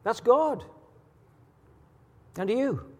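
Preacher in a reverberant hall. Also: male voice, very high voice, expressive, drawn-out words, darkish tone. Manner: rhetorical questions, rising to emphatic peaks. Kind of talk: sermon.

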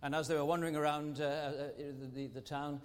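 A man's voice: fairly high pitch, level tone, fast talker. A man preaching a sermon as pastor, earnest and fond of rhetorical tag questions. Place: large church sanctuary. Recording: long church hall reverb.

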